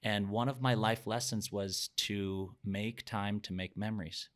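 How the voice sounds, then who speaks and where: Low-voiced man telling a heartfelt story. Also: steady tone, a little slow, a bit bright. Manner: earnest, reflective, sometimes emotional. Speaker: podcast guest.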